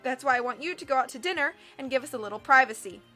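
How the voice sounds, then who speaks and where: A woman's voice: high-pitched, expressive, racing, pushed and bright, faint music behind. A woman putting on a haughty, bossy rich socialite. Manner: haughty, dismissive, emphatic. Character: vain trend-obsessed rich woman, bossy. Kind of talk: audiobook character voice.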